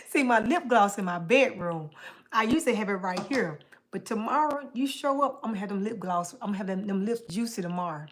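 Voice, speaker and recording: A woman's voice: medium pitch, lively intonation, a little fast. A woman hosting her own livestream, chatting casually with viewers in loose colloquial speech, teasing people by name and repeating phrases for emphasis. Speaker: livestream host.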